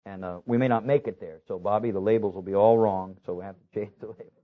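A male pastor preaching a sermon, emphatic, building his phrases up to loud, rising peaks. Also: lowish voice, steady tone, fast, phone-quality sound.

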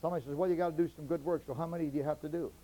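A man preaching a sermon to his congregation, moving between quiet teaching and loud, fervent passages where he stretches key words. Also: a little high, steady tone, racing, poor audio.

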